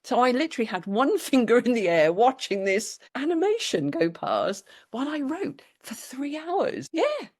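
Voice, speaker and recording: A middle-aged British woman, a podcast guest and author, telling her story in a casual interview with lively, acted-out quotes. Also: high-pitched, moderate pace, few pauses, no echo, studio quality. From Britain. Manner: animated storytelling, acts out quoted voices.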